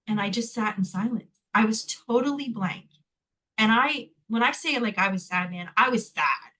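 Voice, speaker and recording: A woman from Canada is being interviewed, and her voice sits high and bright. She tells her story with a lot of life, laughing often and acting out the voices of the people in it. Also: normal speed, poor audio. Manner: animated, laughs often, acts out quoted dialogue. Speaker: guest, healing technique teacher.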